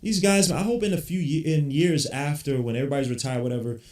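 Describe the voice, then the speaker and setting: A basketball podcast host reacts live to a game, ranting bluntly as a frustrated fan and swearing casually. His voice is on the high side, fast, and darkish, with a roomy echo around it.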